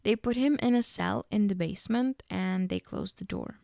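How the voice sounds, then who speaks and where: A woman podcast host walks through an episode in a casual recap, pausing to correct herself and adding little fillers. Her voice is dark and mellow with a gravelly edge. The recording is dry and close. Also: medium pitch, no room sound. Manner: retells scenes step by step with fillers and self-corrections.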